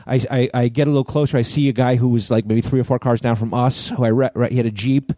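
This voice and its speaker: A man's voice: medium pitch, fast, no echo. A man co-hosting a podcast, telling a long story in casual chat, swearing freely and acting out the people in it. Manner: profane, animated storyteller acting out both sides of a quarrel. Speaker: podcast co-host.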